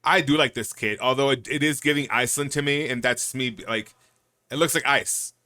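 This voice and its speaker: A man's voice: medium pitch, brisk, pushed and bright, no room sound. A man co-hosting a live stream, reacting with eager, jokey enthusiasm. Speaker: co-host. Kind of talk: casual live-stream chat.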